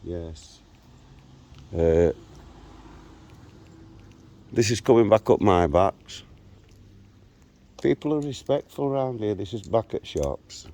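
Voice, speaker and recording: This man, sixty-three, speaks slowly in a fairly low, mellow voice broken by long pauses. Walking around outside as he vlogs, he tells a tough local story about a confrontation bluntly and combatively.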